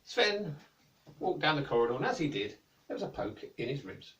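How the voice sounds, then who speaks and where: A British man narrating a children's story in a gentle, playful, lilting way. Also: fairly high pitch, very animated, moderate pace, a little hiss or hum. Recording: echoey room, mic at a distance.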